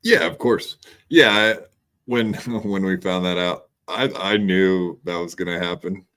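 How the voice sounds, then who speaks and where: A man's voice: deep voice, measured pace, fairly bright tone, clean tone. A man hosting a podcast, chatting bluntly and profanely in casual commentary. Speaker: podcast host.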